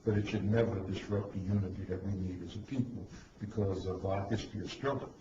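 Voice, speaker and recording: A man answering interview questions calmly and reflectively. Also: sits low, fast talker. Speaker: interview guest. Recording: dull echoey recording with noise.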